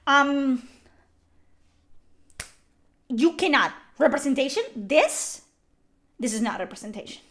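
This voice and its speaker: A woman's voice: high voice, slow, long pauses. Exasperated Spanish-accented woman streamer. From Spain. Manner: animated, emphatic and exasperated, swears freely. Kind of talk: game reaction commentary.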